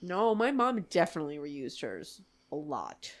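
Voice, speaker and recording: A young adult woman co-hosting a podcast in casual chat, animated and swearing casually, often laughing. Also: deep voice, moderate pace. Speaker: podcast co-host.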